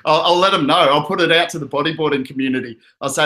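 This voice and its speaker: A man's voice: fairly high pitch, fast talker, sharp tone. An Australian man hosting an online show in easygoing, rambling casual chat, with frequent fillers and restarts. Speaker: host.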